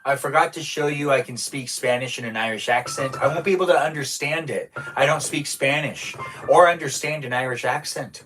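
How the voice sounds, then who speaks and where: A man talks to his viewers during a game stream, rambling from joke to joke with playful energy. His voice sits at an ordinary middle pitch. Music plays clearly behind him throughout. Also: brisk. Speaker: live streamer. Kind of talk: casual live-stream chat while gaming.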